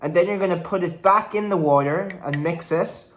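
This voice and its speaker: A man's voice: high-pitched, normal speed, a bit bright, a little hiss or hum. A young man talking casually to the camera in a vlog, hyper and jokey, rambling from one thing to the next. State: out of breath. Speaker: vlogger.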